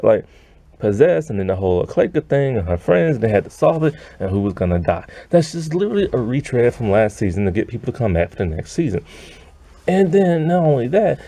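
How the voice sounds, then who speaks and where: A show reviewer rants about a TV episode in an exasperated, rambling way, sighing often. His mid-range voice is dark-toned with vocal fry, and there's no echo.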